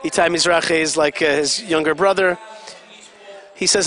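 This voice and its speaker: A high-voiced man gives chatty live commentary at an event. He keeps explaining what is going on and quizzes his listeners. Vehicle noise can be heard outside behind him. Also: steady tone, moderate pace, fairly bright tone. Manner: chatty, explaining, asks the audience questions.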